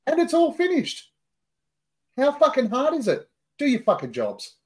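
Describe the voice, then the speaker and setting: A man from Australia, hosting a casual podcast chat, relaxed and laughing often. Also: very high-pitched, moderate pace. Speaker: podcast host.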